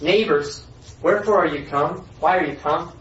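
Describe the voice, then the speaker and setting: A man's voice: fairly high pitch, normal speed, fairly bright tone, natural voice. A man voicing a burdened, frightened pilgrim in earnest, old-fashioned speech. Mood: pleading. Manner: earnest archaic reading. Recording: echoey room, voice far from mic, dull lo-fi.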